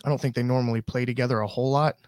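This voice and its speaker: A man's voice: mid-range voice, steady tone, racing, darkish tone, no echo, studio quality. A man on a panel giving his opinion in casual chat, hesitant with many ums. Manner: hesitant, lots of ums and uhs.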